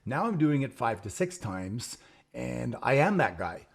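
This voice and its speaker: Gravelly-voiced man telling stories. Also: medium pitch, sing-song, measured pace. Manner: storytelling, acts out quoted exchanges. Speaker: program founder and host. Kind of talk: casual conversational chat.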